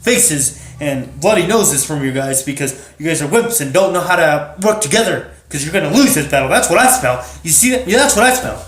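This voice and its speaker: A man's voice: a little high, animated, fairly quick, hardly any pauses, a bit bright, voice pushed up. A man voicing a smug, mocking male villain who boasts and taunts. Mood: taunting. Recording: roomy echo.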